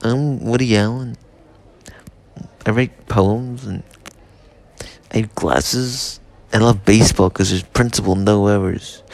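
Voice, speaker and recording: A man playing a neurotic bespectacled writer, boastful, rambling, gravelly tone. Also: lowish voice. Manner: boastful, rambling self-introduction. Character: neurotic bespectacled male writer-comedian, self-absorbed.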